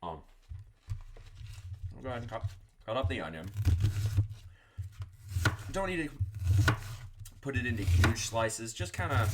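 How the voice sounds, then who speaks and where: A man's voice: medium pitch, heavy background noise. A man hosting his own vlog, chatting casually while he cooks in a home kitchen, rambling through asides. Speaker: vlogger host. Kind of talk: casual cooking chat.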